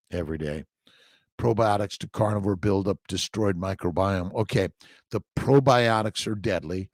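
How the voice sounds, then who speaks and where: An older man hosts a casual morning livestream, reading out viewer comments and talking in rambling bursts with emphatic repeats. His voice is on the low side, with no echo.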